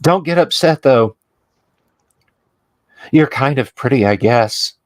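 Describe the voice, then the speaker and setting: An insane woman sculptor who giggles and taunts in a sing-song voice, as a man puts her on for a tabletop horror game. She drawls slowly and creepily. The sound is close and dry. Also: mid-range voice, lively intonation, no room sound. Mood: mocking.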